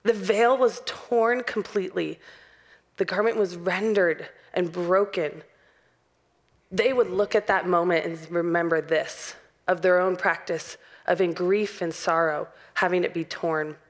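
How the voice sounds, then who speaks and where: A woman's voice: fairly low pitch, steady tone, a little slow. A young adult woman preaching a sermon in an earnest, personal way and laughing lightly now and then.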